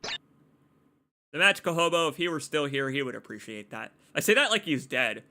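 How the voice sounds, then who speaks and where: A young man streaming a game, rambling and joking with his chat, his voice a little hoarse from long talking. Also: a little high, sing-song, moderate pace, sharp tone, slight background noise. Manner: rambling, joking, self-deprecating asides to chat. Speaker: let's play streamer. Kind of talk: casual gameplay commentary.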